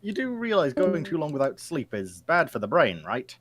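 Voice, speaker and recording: A man playing a team game with friends, giving quick tactical calls. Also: a little high, wildly swooping pitch, fairly bright tone. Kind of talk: casual game chat.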